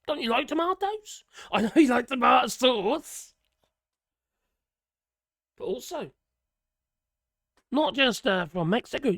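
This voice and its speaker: A British man with a raspy voice, talking in a sarcastic, exasperated rant and swearing freely. His pitch swoops up and down as he talks. The sound is dry and close, with no room echo. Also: lively intonation, takes it slowly, long pauses, a bit bright. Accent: British English. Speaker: political commentator. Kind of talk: casual ranting commentary.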